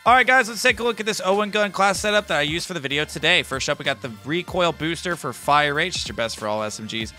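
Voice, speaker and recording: A man's voice: fairly high pitch, expressive, fast, few pauses, soft background music. Hyped young man streaming a shooter. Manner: hyped, shouting bursts, repeats phrases. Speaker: gaming streamer. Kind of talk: excited live gameplay commentary.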